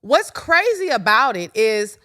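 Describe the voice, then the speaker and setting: A young adult woman co-hosting a podcast in casual chat, animated, laughing often and swearing freely. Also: fairly high pitch, unhurried. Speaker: podcast co-host.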